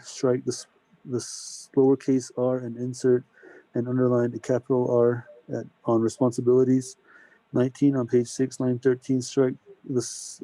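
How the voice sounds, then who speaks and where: Male clerk type, formal reader, monotone delivery, mellow dark tone, dry sound. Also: mid-range voice, no echo, poor audio. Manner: steady, methodical list reading. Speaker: council staff reading amendments. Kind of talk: formal reading into the record.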